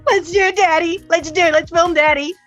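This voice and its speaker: A woman's voice: very high voice, fairly even intonation, brisk, fairly bright tone, pitched above the performer's own voice. A woman doing an impression of her male co-star as a man pestering to start filming, whining and repeating himself. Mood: wheedling, eager. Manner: whining, wheedling, insistent repetition.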